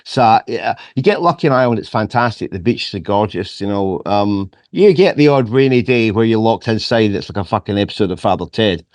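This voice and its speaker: A middle-aged man from Scotland with a Scottish accent softened toward transatlantic, swearing freely as he chats and tells stories as a podcast guest. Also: on the low side, a little fast, few pauses, no room sound. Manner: profane, animated storyteller who repeats words. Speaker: guest author. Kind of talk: casual podcast chat.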